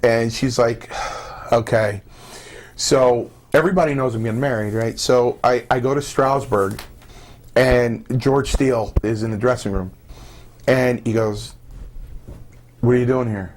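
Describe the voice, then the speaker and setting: A man's voice: mid-range voice, fairly even intonation, unhurried, pauses often. A man, a former wrestler, telling long rambling stories as a guest on a radio talk show, full of fillers and restarts. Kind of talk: casual storytelling on a radio call-in show.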